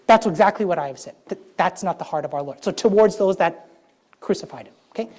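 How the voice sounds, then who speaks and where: A woman preaching to her congregation in a loose, conversational way, often checking in with "right?" and "okay?" and drawing out key phrases slowly for emphasis. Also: fairly low pitch, mellow. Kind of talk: sermon.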